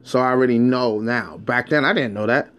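A man's voice: medium pitch, a little fast, fairly bright tone, clear, resonant tone. A man telling a personal story in a casual monologue. He speaks candidly in streetwise slang, repeating words and restarting his sentences. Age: adult, past his teens.

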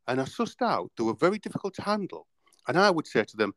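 Animated man telling stories. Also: mid-range voice, fairly quick, no room sound, low-quality recording. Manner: animated, rambling anecdotes with voiced quotes. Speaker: podcast host. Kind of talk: casual storytelling chat.

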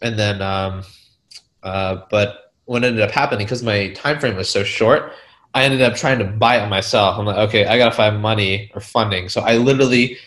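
A man's voice: lowish voice, moderate pace. A man casually telling a story about a real estate deal, rambling and full of filler words. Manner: rambling, heavy on filler words, animated retellings.

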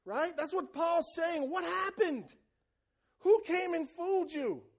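A man delivers an animated church sermon in a voice pitched unusually high for a man. He preaches with energy and keeps drawing the congregation into call-and-response. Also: unhurried. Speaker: pastor.

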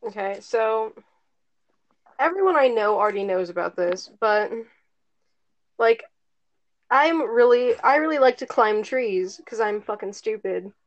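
Teen girl storyteller, a bit high, chatty and rambling with filler words; muffled lo-fi recording. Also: lively intonation, a little slow, long pauses. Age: teens. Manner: rambling, lots of "like", casual swearing. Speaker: storyteller among friends. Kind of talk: casual chat. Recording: dull lo-fi recording.

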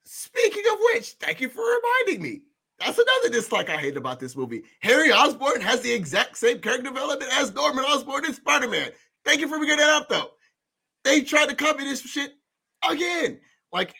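Male podcast co-host, high bright voice, animated ranting delivery. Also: brisk, vocal fry, breathy edge. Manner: animated, swearing, ranting with sudden high outbursts. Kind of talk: casual movie review chat.

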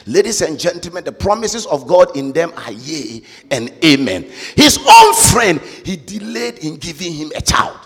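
A male preacher giving an impassioned sermon, shouting and chanting his lines. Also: a little high, big pitch swings, moderate pace, hardly any pauses, breathy edge, in a large hall.

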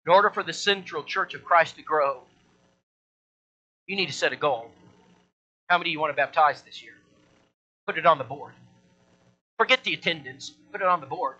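A man's voice: on the high side, lively intonation, normal speed, long pauses, sharp tone, low-quality recording. A male preacher delivering a sermon in an emphatic, repetitive, rallying way.

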